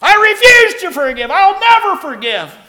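A preacher putting on a furious yelling man. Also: very high-pitched, very animated, moderate pace, voice pushed up, exaggerated voice. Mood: defiant. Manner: yelling, ranting. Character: furious bitter middle-aged man on crutches.

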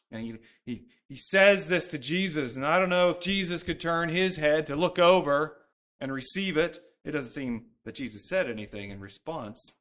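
Earnest higher-pitched male preacher. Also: a bit bright. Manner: earnest, conversational preaching with frequent restarts. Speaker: pastor. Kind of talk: sermon.

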